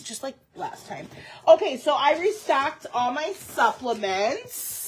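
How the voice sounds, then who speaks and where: A woman's voice: a little high, pushed and bright, slight background noise. A woman in her thirties talking casually and heartfeltly to her viewers, rambling with many fillers. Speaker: vlogger.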